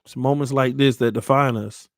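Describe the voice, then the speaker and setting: A man's voice: medium pitch, fairly even intonation, moderate pace, dry recording, clean studio sound. A man hosting a sports channel, giving an earnest, emotional motivational talk to his viewers, often repeating phrases and calling them "man" and "y'all", shaken after hours of crying.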